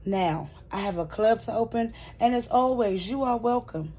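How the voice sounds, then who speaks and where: A woman voicing a scheming woman club owner in a mocking, drawn-out way. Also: on the high side, noisy background, lightly acted. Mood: smug.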